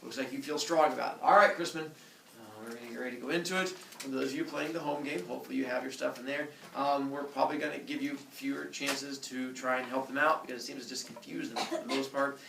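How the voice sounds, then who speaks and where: A man's voice: medium pitch, fairly even intonation, fast talker, creaky, sharp tone, a little hiss or hum. A man teaching a middle school class, joking and teasing his students as he goes. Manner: playful, teasing. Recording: echoey classroom from far off.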